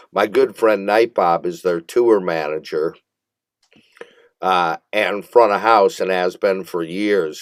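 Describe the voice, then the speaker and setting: A man from Minneapolis with a deep, low voice tells a long story as a guest musician. He talks in an animated, rambling way, swearing freely and laughing as he goes. The sound is dry and close, with no room around it. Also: dry recording. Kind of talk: casual storytelling interview.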